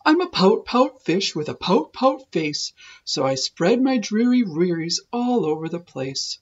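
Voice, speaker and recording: A woman voicing a glum, resigned male fish in a rhyming children's storybook, with sagging low line endings. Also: big pitch swings, unhurried, breathy edge, muffled recording. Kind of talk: children's storybook read-aloud.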